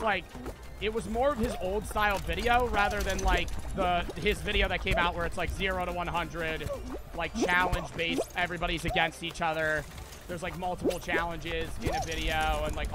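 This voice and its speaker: A young man streaming a game, chatting in a slangy, excitable way and swearing often. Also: high-pitched. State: out of breath. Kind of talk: casual gaming commentary. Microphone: headset. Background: game music.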